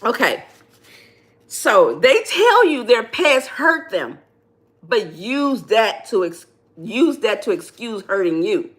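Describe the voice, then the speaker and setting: A woman's voice: fairly high pitch, very animated, slow pace. A woman hosting a live relationship-advice stream who talks to her viewers, reads their comments aloud, and speaks in a preacher-like way. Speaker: podcast host and life coach.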